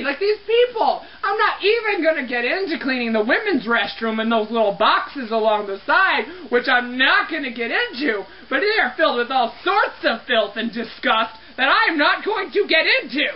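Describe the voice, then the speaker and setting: A woman's voice: high voice, lively intonation, normal speed, hardly any pauses. A young woman who works as a restroom cleaner, ranting to camera in an exasperated comedic way and apologizing as she goes. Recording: dull lo-fi webcam audio.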